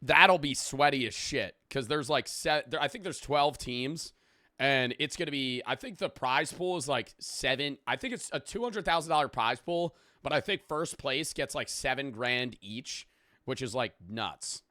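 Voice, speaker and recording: A man talking on a live stream, rambling loosely with plenty of swearing as he reads out donations. His voice is bright and forward. The sound is dry and close, with no room around it. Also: medium pitch, animated, normal speed, dry recording. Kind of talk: casual live-stream chat.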